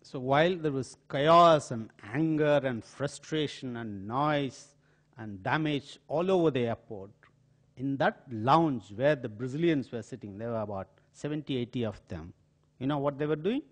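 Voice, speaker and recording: Older Indian-accented diplomat lecturing an audience, animated storyteller with a lively pitch. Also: male voice. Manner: storytelling with acted quotes and pauses, some filler hesitations. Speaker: diplomat giving a talk. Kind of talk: anecdotal lecture. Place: auditorium.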